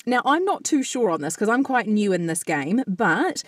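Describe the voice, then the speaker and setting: A woman with a New Zealand accent co-hosting a podcast, chatty and quick to laugh, explaining things at length. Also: medium pitch, very animated, no room sound, clean studio sound. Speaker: podcast co-host. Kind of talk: casual chat and explanation.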